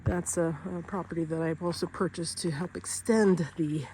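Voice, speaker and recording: This Northern California vlogger speaks in a low, warm, steady voice at a moderate pace, though the audio is poor and faint outdoor sounds come through. Walking her rural property for a nature vlog, she chats casually, bubbly and laughing often, with plenty of fillers and restarts.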